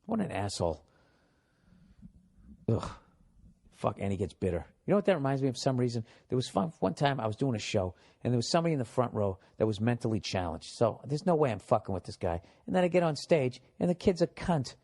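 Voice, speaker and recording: A man's voice: mid-range voice, very animated, a little fast, creaky, darkish tone. A man hosting a comedy podcast, telling stories and reading listener mail in a blunt, profane, mocking way. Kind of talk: casual podcast rant.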